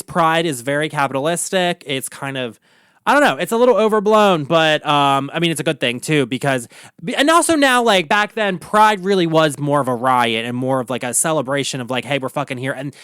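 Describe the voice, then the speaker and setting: A man's voice: a little high, a bit bright, clean tone, dry recording, clean studio sound. A man with a Baltimore accent, a drag queen host ranting casually, campy and profane with lots of filler words. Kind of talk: casual solo rant.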